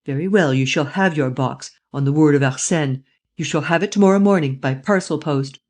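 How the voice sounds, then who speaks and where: A man voicing a suave, mocking gentleman thief who is excitable and quick to laugh. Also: on the high side, lightly acted. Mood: triumphant.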